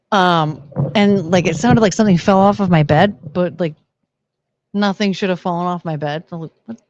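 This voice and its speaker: A young woman streaming a casual chat, talking to her dogs in a high baby-talk voice between plain remarks. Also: measured pace, long pauses, darkish tone, highs cut off, slight background noise.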